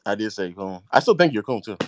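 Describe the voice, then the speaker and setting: A man arguing calmly in a live audio chat, repeating his points and stammering on restarts. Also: on the low side, fast talker, slight background noise. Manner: calm, repetitive, stammering restarts.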